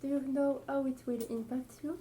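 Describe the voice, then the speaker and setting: A woman whose first language is French reads her interview questions carefully. Her voice is high and very soft and mellow in tone. A faint hiss runs under the recording. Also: flat delivery, normal speed, poor audio. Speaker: student interviewer.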